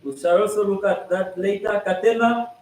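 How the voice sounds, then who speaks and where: A man's voice: high-pitched, steady tone, normal speed, darkish tone. A man speaking to a gathering of students, explaining procedures interactively, checking the room often and acting out playful examples. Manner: interactive, keeps asking "are we together?"; playful, acts out examples and jokes. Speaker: speaker at a school congress. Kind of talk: instructional talk to students. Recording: echoey hall from a distant mic, some noise.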